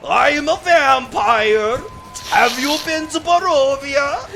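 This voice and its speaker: A man's voice: very high-pitched, takes it slowly, gravelly, fairly bright tone, slight background noise, pitched above the performer's own voice, heavily acted. A man voicing a robot minion that grandly announces itself as a vampire count. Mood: grandiose.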